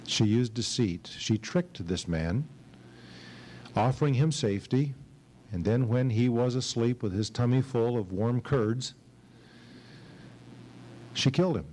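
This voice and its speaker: A man's voice: medium pitch, measured pace, long pauses, mellow, slight background noise, low-quality recording. A middle-aged male pastor preaching an expository sermon at a church service, reading scripture dramatically and asking his class questions.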